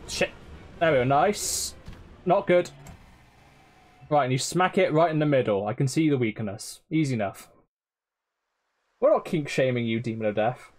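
A man's voice: fairly high pitch, a little mellow. A man streaming a game live, swearing often, laughing and teasing his chat. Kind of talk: live gameplay commentary.

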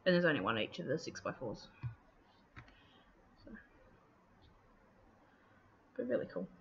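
A woman talking casually through her scrapbooking process, relaxed and chatty, with plenty of ums and thoughts that trail off. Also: extremely low pitch, unhurried. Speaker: scrapbooking video host. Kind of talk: casual craft process narration. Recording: dull lo-fi with faint noise.

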